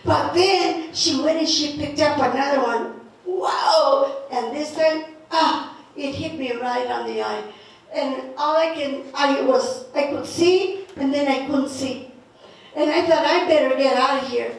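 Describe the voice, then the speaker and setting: New lady telling a story, high voice, playful, far off in a really echoey room. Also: takes it slowly, gravelly. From Northern New Mexico. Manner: lively and playful, laughing, mixes in Spanish words. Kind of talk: personal storytelling.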